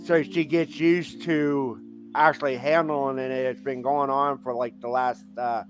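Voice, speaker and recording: A man chatting casually in a plain-spoken, halting way. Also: medium pitch, steady tone, faint music behind. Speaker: guest. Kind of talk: casual chat.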